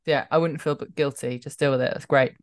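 A woman's voice: rumbling low, steady tone, quick pace, no echo. A woman co-hosting a casual radio chat, with a dry, cheeky, teasing delivery. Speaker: radio co-host.

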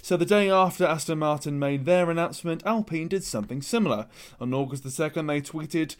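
A man's voice: on the high side, brisk, hardly any pauses. Chatty man discussing racing. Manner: chatty, opinionated, presents the news then hands over. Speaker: podcast co-host. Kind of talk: casual motorsport discussion.

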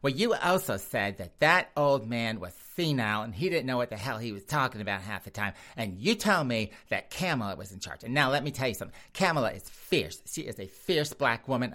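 A man putting on the voice of a sassy, nagging husband who scolds his spouse with drawn-out emphasis. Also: medium pitch, big pitch swings, bright, forceful tone. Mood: sassy scolding.

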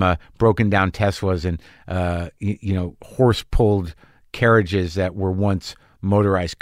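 A man's voice: deep voice, no room sound, clean studio sound. A man hosting a podcast, telling rambling self-deprecating stories in a sardonic way, then chatting casually with a guest. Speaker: podcast host. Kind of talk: comic monologue then casual interview.

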